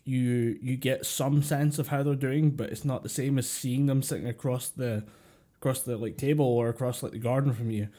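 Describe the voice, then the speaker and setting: Mellow Scottish man, rambling. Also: medium pitch, steady tone, moderate pace. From Scotland. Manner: rambling, with many fillers and chuckles. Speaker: podcast co-host. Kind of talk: casual chat. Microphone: computer mic over a voice call.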